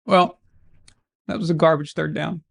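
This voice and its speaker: A man's voice: fairly high pitch, fairly even intonation, measured pace, vocal fry. A man from Arkansas hosting a live football watch-along stream, giving casual commentary full of crude, brash, mocking humor.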